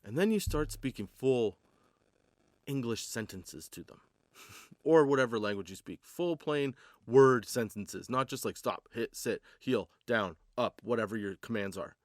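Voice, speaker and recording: A man's voice: medium pitch, animated, a little slow, no room sound, clean studio sound. A man hosting a comedy podcast, rambling through a casual, profane stoner monologue. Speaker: podcast host. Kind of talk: comedic stand-up style monologue.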